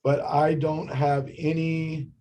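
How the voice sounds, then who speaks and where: A man taking part in a training session, explaining his work in a relaxed, easygoing way. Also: fairly high pitch, slow pace. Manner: relaxed, hedging with fillers. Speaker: participant from a lending tech firm. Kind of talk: casual discussion in class.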